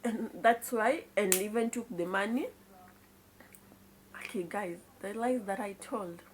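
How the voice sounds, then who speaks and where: A woman's voice: medium pitch, a little slow, noisy background. Chatty Kenyan woman telling a story. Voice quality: mixes in Swahili words and exclaims "kai" often. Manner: confiding, chatty retelling to viewers. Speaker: vlogger. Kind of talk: casual storytime monologue.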